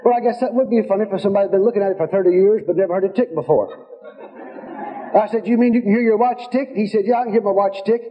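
A man's voice: high voice, fast. A man preaching a sermon, telling stories in a folksy way and quoting conversations in his own voice. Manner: folksy storytelling, quotes God and others in his own voice. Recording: dull lo-fi sound.

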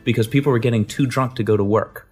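A man, a guest, telling a faith testimony in an animated, storytelling way, repeating words and acting out the people he quotes. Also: mid-range voice, quick pace, slightly rough.

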